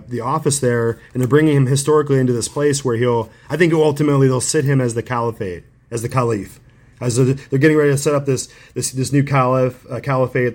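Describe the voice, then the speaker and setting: A man hosting an interview, agreeing often and speaking in a halting way with frequent restarts. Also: medium pitch, darkish tone. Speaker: interview host. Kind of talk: conversational interview.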